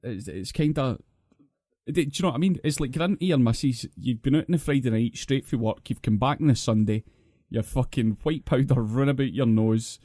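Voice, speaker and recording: A man's voice: mid-range voice, fairly quick, mellow, dry recording, clean studio sound. A Scottish man co-hosting a podcast, telling long profane stories in a ranting manner. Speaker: podcast co-host. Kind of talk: casual chat, long sweary anecdotes.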